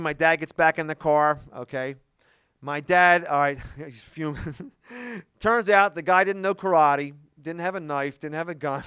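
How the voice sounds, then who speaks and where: A middle-aged man doing a stand-up comedy routine, telling stories in an animated way with quick asides. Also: fairly high pitch, clean tone, dry recording, studio quality. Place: comedy club stage.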